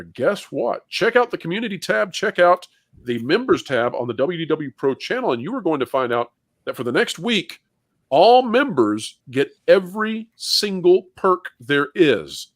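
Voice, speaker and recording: A man's voice: high voice, a bit bright, no echo, clean studio sound. A man hosting a livestream panel, upbeat and playful, with jokes between introductions. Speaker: host.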